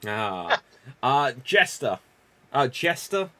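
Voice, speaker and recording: A man's voice: medium pitch, very animated, slow, bright, forceful tone, a little hiss or hum. A man hosting an improv comedy show, upbeat and laughing as he calls on players. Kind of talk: casual hosting.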